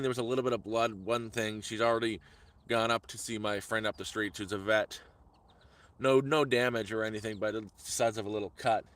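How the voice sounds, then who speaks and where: A male vlogger live-streams outdoors in the woods, telling a heated story in repetitive bursts during an angry rant. His voice is medium-pitched and a bit bright.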